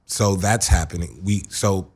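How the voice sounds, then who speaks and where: A man with a deep, husky voice tells a long story in a radio studio. He rambles through it, swearing freely and restarting sentences as he goes. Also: a little slow, a little mellow. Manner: rambling, profane, with frequent restarts and fillers. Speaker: interview guest. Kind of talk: casual storytelling.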